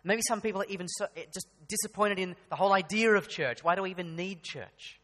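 This sermon comes from a male pastor whose high-sitting, fairly bright voice moves quickly. His conversational preaching builds into emphatic bursts, echoing with church-hall reverb.

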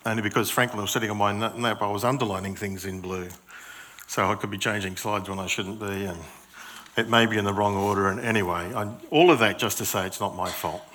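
A man's voice: on the low side, fairly even intonation, brisk, fairly bright tone, slight background noise. An older man preaching a chatty sermon to a church, joking about himself and quizzing the children. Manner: chatty and self-mocking, asks the children questions. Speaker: pastor. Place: church hall.

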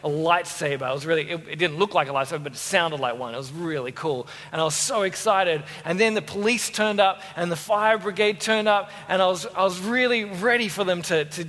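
An Australian man preaching a sermon, telling a story with lively acted-out voices. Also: high-pitched, brisk, few pauses. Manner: animated storyteller, acts out voices. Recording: long hall reverb.

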